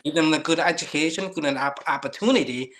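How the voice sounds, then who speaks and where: Bright earnest man in his fifties. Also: a little high. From Laos. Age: 50s. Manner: earnest, halting, non-native English. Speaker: co-host. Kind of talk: casual conversation.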